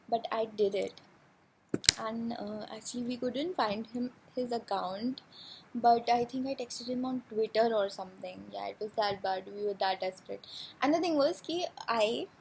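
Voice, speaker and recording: Brief: young Indian-accented woman, casual storytime vlogger, higher voice with vocal fry, blunt and sweary. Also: a little mellow, a little hiss or hum, low-quality recording. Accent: Indian English. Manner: chatty, swears freely, mixes in Hindi.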